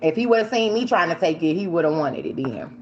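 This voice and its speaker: A woman vlogger tells a story over dinner in a loose, animated way, swearing as she goes. Her pitch swings freely and jumps up sharply when she acts out her own shouting. The recording is slightly dull, with a faint hum underneath. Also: brisk. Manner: animated, shrieks quoted lines, swears freely. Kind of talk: casual storytelling while eating on camera.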